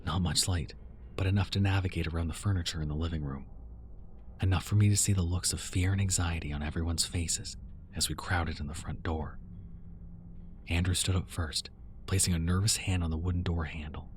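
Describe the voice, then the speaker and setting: A man narrating a first-person horror story in a tense, measured way. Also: sits low, steady tone, slight background noise.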